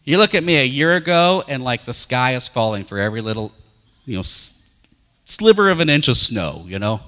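A middle-aged male pastor preaching a folksy, animated sermon full of personal stories. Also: medium pitch, a little fast, long reverb tail.

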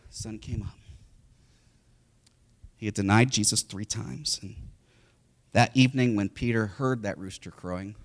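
A middle-aged man preaching a sermon as a pastor, telling the story with lively, animated delivery and acting out the voices of the people in it. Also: fairly low pitch.

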